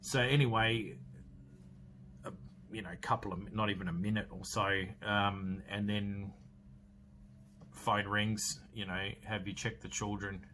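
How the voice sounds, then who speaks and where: Forties man, podcast host, low but bright forceful voice, rambling recap full of ums. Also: fairly even intonation, measured pace, pauses often, a little hiss or hum. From Australia. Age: 40s. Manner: rambling, filler-heavy storytelling with many restarts. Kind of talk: casual film review recap.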